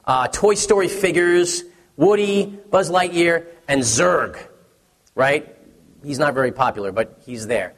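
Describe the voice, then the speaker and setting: A man in his thirties gives a sermon in a relaxed storytelling manner, often restarting his sentences. His voice is a bit higher than most men's and husky. The sound carries a long reverb from a large hall. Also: a little slow. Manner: conversational storytelling with many restarts, acts out his son's excited voice. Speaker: pastor.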